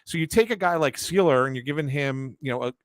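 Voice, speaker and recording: A man's voice: a little high, fast, no echo. A man co-hosting a casual sports talk show, working through his analysis at length and restarting his sentences often. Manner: analytical, explains at length with many fillers and restarts.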